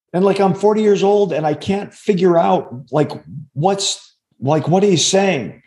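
Man, 60s, interview guest, reflective storyteller, earnest and halting, middle-pitched. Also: animated, darkish tone. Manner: halting, earnest, restarts often. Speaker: interview guest, former undercover agent.

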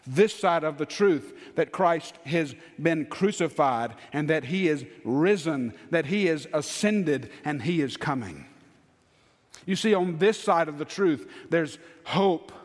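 Male pastor, fairly high voice, preaching in a church with long reverb. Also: animated, takes it slowly. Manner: earnest preaching, swinging between hushed low lines and raised emphatic ones. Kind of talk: sermon. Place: church sanctuary.

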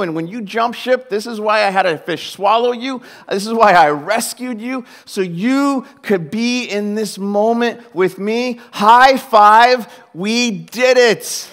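A man playing an elated, booming God. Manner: excited, exclamatory. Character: elated God, male, cheering his prophet on.

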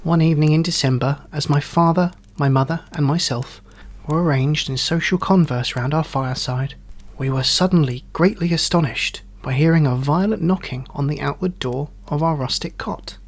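A man reading a classic story aloud as storyteller, in a measured, theatrical manner suited to period prose. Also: on the high side.

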